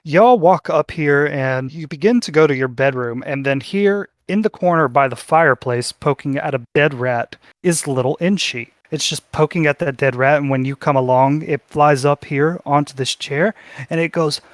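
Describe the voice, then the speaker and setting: A man's voice: a little high, normal speed, few pauses, no room sound, clean studio sound. A man narrating a tabletop game as game master in a loose, descriptive way.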